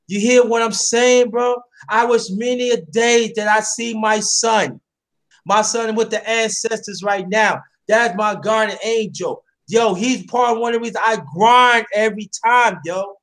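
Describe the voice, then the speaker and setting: A man's voice: high voice, steady tone, unhurried, a bit bright. A man hosting a casual chat, talking with passion and addressing listeners directly, often repeating himself. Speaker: host.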